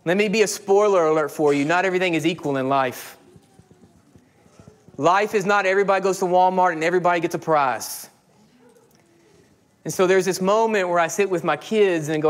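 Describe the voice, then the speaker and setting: A man in his thirties, a pastor preaching a sermon, animated and acting out quoted dialogue. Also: high-pitched, a little fast, pauses often. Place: church sanctuary.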